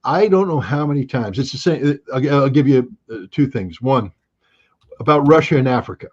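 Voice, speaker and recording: Husky, sarcastic older man. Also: mid-range voice, normal speed. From United States. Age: 60s. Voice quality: animated, sarcastic, frequent restarts. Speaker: interview guest. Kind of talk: opinionated interview talk. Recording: dull lo-fi recording.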